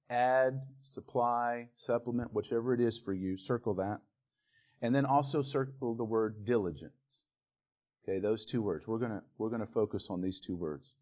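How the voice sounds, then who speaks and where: A man preaching a sermon, building to loud, emphatic peaks and then dropping back to quiet verse-by-verse teaching. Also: medium pitch. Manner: walks the congregation through scripture verse by verse.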